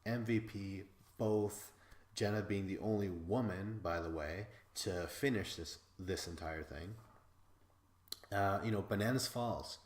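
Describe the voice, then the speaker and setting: A man from Wisconsin hosting a podcast, recapping episodes in a casual, excitable way, swearing freely and laughing as he talks. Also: low voice, a little slow, roomy sound. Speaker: podcast host.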